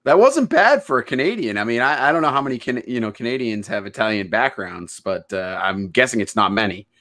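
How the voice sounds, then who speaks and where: A man's voice: mid-range voice, lively intonation, a little fast, fairly bright tone. A man co-hosting a podcast, chatting casually with dry, wry remarks. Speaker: podcast co-host. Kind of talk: casual chat.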